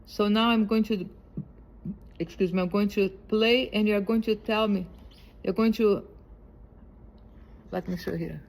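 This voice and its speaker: A woman teaching a piano ear training lesson, speaking slowly and patiently and repeating each comparison of high and low notes. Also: fairly even intonation, gravelly. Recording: loud piano playing behind the voice.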